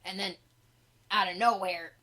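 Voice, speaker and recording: A woman's voice: mid-range voice, steady tone, unhurried, sharp tone. A woman playing a laid-back male troll clown, recapping a film in slangy, profane rambling. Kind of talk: in-character comedy recap.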